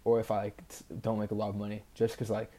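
A teenage boy runs a casual solo podcast, rambling bluntly with a frustrated edge and "like" in nearly every phrase. His voice is lowish and warm, delivered quickly in a monotone.

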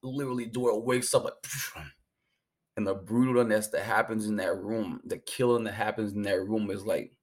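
A man's voice: on the low side, fairly even intonation, moderate pace. A man giving a casual, rambling, hyped recap of an anime episode, full of slang and fillers. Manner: hyped, rambling, slangy, says 'bro' and 'like' constantly. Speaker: anime reviewer.

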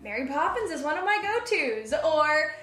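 High-voiced, enthusiastic woman chatting. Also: very animated, normal speed, a bit bright, echoey room. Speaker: podcast cast member. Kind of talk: casual chat.

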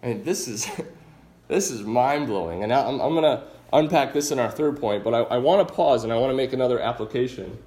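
A man's voice: medium pitch, fairly quick, warm tone, roomy sound. A man preaching a sermon as pastor in a conversational, emphatic way, often restarting his phrases.

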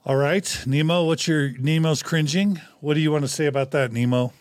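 A man hosting a casual discussion over a video call, guiding the talk briskly. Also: a little high, a little mellow, slight background noise. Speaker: podcast host.

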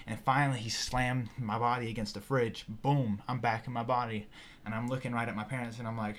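A young man telling a wild personal story in casual podcast talk, animated and profane, with lots of "you know" and "like". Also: mid-range voice, brisk. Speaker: podcast guest.

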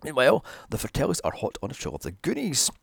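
Gravelly, exasperated male film ranter. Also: mid-range voice, wildly swooping pitch, fast, dry recording, studio quality. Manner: exasperated, profane, mocking. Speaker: movie reviewer. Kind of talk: sarcastic comedic film recap.

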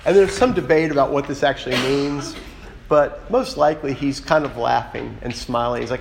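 A man's voice: a little high, expressive, normal speed, vocal fry, slight background noise, rough recording. A man preaching a conversational sermon as a pastor, speaking earnestly and directly and often putting questions to his listeners.

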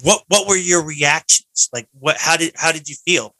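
In a home podcast studio, a host with a slightly high, sharp voice chats casually at normal speed. The recording is rough with no room sound, and he jokes around and rambles with lots of fillers.

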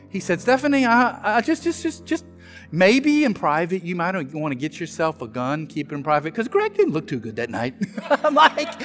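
A man from South Louisiana preaching a sermon, telling self-mocking stories with animated humor. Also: very high voice, big-room sound. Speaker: pastor.

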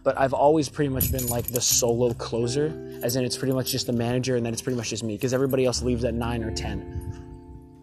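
A young man talking through a rambling, heated personal confession, with frequent restarts and swearing. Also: mid-range voice. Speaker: store worker venting. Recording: loud guitar music behind the voice.

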